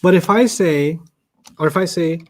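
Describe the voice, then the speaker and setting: Guy teaching an arabic class, kinda high voice, tells funny stories and does all the voices, keeps quizzing students. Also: moderate pace. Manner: animated storyteller who acts out quoted people; asks students questions and checks their answers. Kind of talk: casual storytelling and live teaching.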